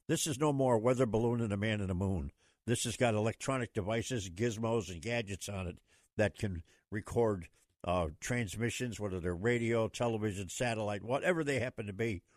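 A man hosting a talk radio show, folksy and emphatic, prone to rambling. His voice sits in a middle pitch and the recording is dry and close. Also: no room sound.

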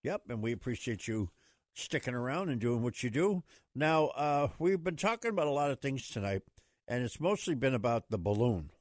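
A man hosting a talk radio show, folksy and emphatic, rambling through shout-outs and opinions. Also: mid-range voice, very animated, moderate pace, no room sound, clean studio sound.

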